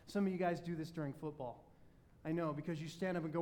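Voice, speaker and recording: Animated high-voiced preacher man. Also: racing. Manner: animated storytelling, swings between loud excitement and quiet emphasis. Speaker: pastor. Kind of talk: sermon.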